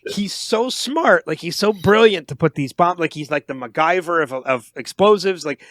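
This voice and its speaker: A man co-hosting a podcast, chatting about a movie in an animated way and often restarting and repeating words as he gets going. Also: sits high, normal speed, no echo, studio quality. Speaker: podcast co-host. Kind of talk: casual movie review chat.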